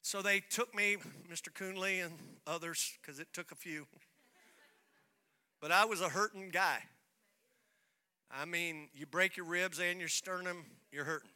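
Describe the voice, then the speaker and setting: A man preaching a sermon as pastor, telling a personal story in an animated way and acting out the dialogue. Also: high-pitched, a little slow, long pauses, clean tone.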